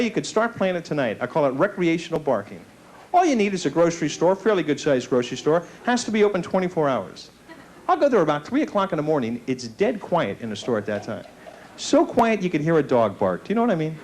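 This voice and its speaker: Male stand-up comic, animated and self-mocking, high lively voice, old VHS recording with faint hiss. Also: quick pace, some chatter behind. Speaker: stand-up comedian. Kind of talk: stand-up comedy set. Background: audience laughter.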